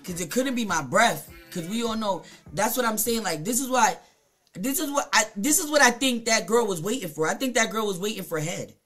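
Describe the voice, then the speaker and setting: A woman live streamer telling a blunt, profane story to her chat at home, her voice swinging between hushed and loud. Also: mid-range voice, animated, brisk, faint music behind. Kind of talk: casual confessional storytelling to chat.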